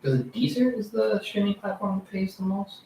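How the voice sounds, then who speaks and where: A man's voice: high-pitched, fairly even intonation, moderate pace, vocal fry, darkish tone. A man co-hosting a casual talk show, chatting loosely with lots of "like" and "you know". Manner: loose, filler-heavy speech with many "like" and "you know". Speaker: podcast co-host. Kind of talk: casual chat. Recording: echoey room, far from mic, faint noise.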